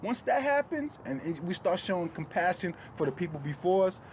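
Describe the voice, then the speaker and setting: A man in a casual interview, talking in a relaxed, reflective way with lots of fillers. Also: high-pitched, a little fast, slight background noise.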